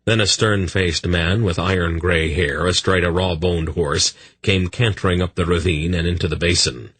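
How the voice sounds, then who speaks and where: A man narrating an audiobook in a steady, measured way. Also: low voice, slightly rough. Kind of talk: scripted narration.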